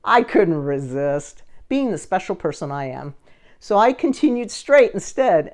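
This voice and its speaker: Speaking in a lowish, unhurried voice, a woman vlogger with a social media page narrates a story to camera. She keeps it casual and animated, playing the parts of the other people in it.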